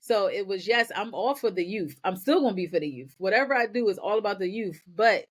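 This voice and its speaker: Energetic woman telling her story. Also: mid-range voice, brisk, breathy edge. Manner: energetic, repeats words, talks in bursts. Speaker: podcast guest, nonprofit founder. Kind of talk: candid personal storytelling.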